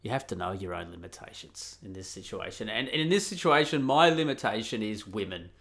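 Bright-voiced Australian man podcasting solo. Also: lowish voice, expressive, a little fast, creaky. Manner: rambling and candid, frequent restarts and swearing. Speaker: podcast host. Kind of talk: casual solo podcast monologue.

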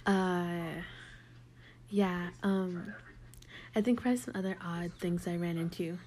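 A young adult woman co-hosting a casual podcast, telling candid, crude stories in a lively, joking way. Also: fairly low pitch, unhurried, long pauses. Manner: candid, crude, animated storyteller. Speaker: podcast co-host.

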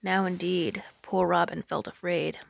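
Woman with a gravelly voice reading a folk tale. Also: on the low side, little pitch movement, no echo, studio quality. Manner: measured, dramatic storytelling. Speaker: storyteller. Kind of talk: storybook narration.

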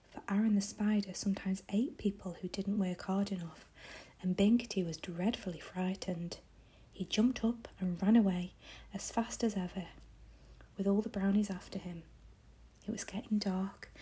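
A woman narrating a children's tale gently in whispered role-play. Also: mid-range voice, fairly even intonation, moderate pace, breathy edge. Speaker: storyteller.

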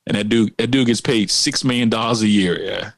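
A man's voice: on the low side, brisk, creaky. A man co-hosting a casual chat, talking emphatically with lots of "like" and "man". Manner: animated, emphatic, heavy use of fillers like "man" and "like". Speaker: podcast co-host.

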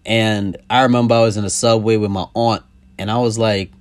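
A young man hosting a podcast, ranting casually and profanely, his voice swinging from loud outbursts to low asides. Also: flat delivery, brisk. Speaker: podcast host. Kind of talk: casual comedic rant.

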